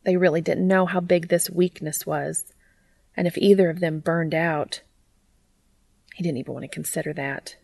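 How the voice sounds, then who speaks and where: A woman reading fiction aloud as a narrator, in a steady, even way. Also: on the low side, normal speed, vocal fry, dry recording. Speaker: audiobook reader.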